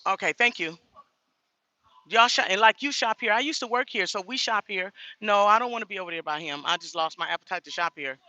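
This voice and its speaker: A woman's voice: mid-range voice, a little fast, sharp tone, no room sound. A woman talking straight to her viewers in a casual vlog, blunt and indignant. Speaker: vlogger.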